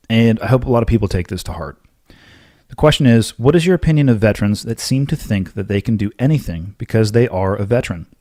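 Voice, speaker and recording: Blunt low-voiced man, dry studio sound. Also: darkish tone, no echo. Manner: blunt, emphatic, occasionally profane. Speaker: podcast host answering listener questions. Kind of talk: solo Q&A monologue.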